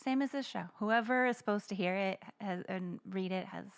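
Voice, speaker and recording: Soft-spoken woman podcast host. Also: mid-range voice, normal speed, smooth. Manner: soft, often drops to a near whisper. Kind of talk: casual heartfelt chat.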